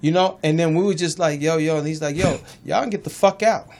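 Man, talk radio co-host, loud heated arguing, somewhat high voice, AAVE speech. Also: a little fast. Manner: storytelling, cuts in, acts out quotes. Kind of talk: heated casual debate.

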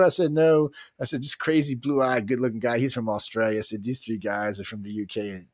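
A man's voice: medium pitch, fairly even intonation, fairly quick, hardly any pauses, no room sound. A man from New Orleans with a New Orleans accent, telling loose, rambling stories as a podcast host, swearing freely and chuckling as he goes. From New Orleans, USA. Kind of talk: casual storytelling chat.

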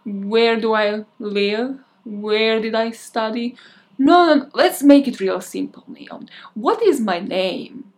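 A cold, vengeful young woman picks her words with cutting sarcasm , as a woman plays her. The voice is slightly high and stays controlled and pointed. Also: takes it slowly.

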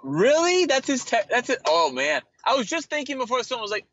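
A man's voice: extremely high pitch, expressive, quick pace, creaky, a bit bright. A man co-hosting a podcast, chatting casually about a film, agreeable and jokey, with frequent laughs. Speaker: podcast co-host. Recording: dry, dull lo-fi mic.

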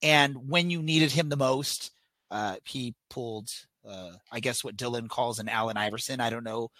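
A man's voice: medium pitch, moderate pace, bright, forceful tone, dry recording. A man hosting a casual sports podcast over an online call, easygoing and hesitant with many ums. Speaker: podcast host. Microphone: computer mic on an online call.

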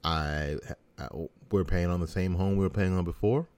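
A man's voice: low voice, moderate pace, darkish tone, clean tone. A middle-aged American man giving a folksy, sarcastic opinion monologue as a talk show host.

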